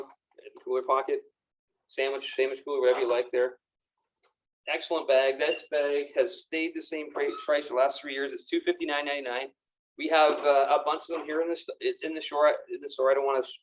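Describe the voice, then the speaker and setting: A man with a medium-pitched voice shows off golf equipment live in a pro shop, racks lined up behind him. He's enthusiastic and effusive, often using fillers and starting over, and the recording quality is poor.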